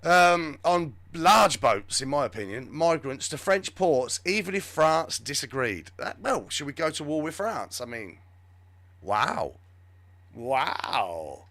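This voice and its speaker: A man hosts a live show with rambling, sarcastic commentary. His voice sits fairly high and swoops up and down a lot. The sound is close and dry, with no room echo. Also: very animated, unhurried, hardly any pauses, a bit bright. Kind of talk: live political commentary chat.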